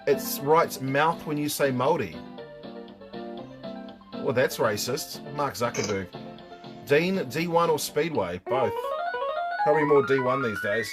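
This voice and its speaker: A man's voice: medium pitch, lively intonation, measured pace, long pauses, over music. A middle-aged man with a New Zealand accent hosting a casual live stream, joking, swearing and reading out viewers' names.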